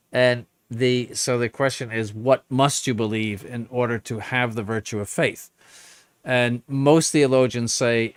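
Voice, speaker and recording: A man's voice: mid-range voice, no echo. Older guy bishop answering questions straight out, blunt and emphatic, dry sound. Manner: blunt, emphatic, plain-spoken with laughs. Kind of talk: live Q&A stream.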